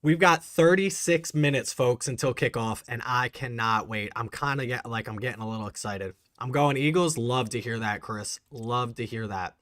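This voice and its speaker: A man hosting a casual livestream, chatting excitedly and answering viewers' messages. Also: medium pitch, moderate pace, hardly any pauses, no echo, studio quality. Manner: chatty, reads and answers live chat, excitable. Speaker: bourbon channel host.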